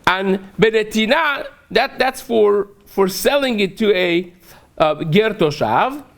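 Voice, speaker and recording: Man, rabbi, daily Talmud class, high voice, lively rise and fall, reads then paraphrases, step-by-step explaining. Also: slow pace. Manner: explains step by step, checks in with rhetorical "right?".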